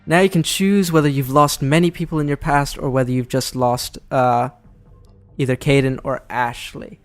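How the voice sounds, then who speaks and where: A man's voice: medium pitch, steady tone, moderate pace, soft background music. A man giving casual, analytical commentary over game footage, talking loosely and correcting himself. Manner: chatty, analytical, self-correcting. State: out of breath. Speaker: gameplay commentator.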